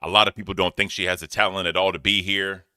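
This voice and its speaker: Blunt, animated male co-host, fast delivery, bright forceful tone. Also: low-pitched, smooth, no echo. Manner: animated, loud and blunt, swears. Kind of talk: casual chat.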